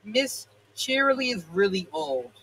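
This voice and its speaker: A man's voice: high voice, sing-song, a little slow, slightly rough, heavily acted, low-quality recording. A man reading as a shy unicorn filly. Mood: hesitant. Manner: hesitant and soft-spoken.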